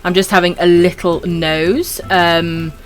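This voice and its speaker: A woman from Wales with a husky voice and a dry throat, chatting casually to viewers while streaming a game and calling them her darlings. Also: on the low side, flat delivery, slow pace, soft background music. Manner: affectionate, calls viewers my darlings.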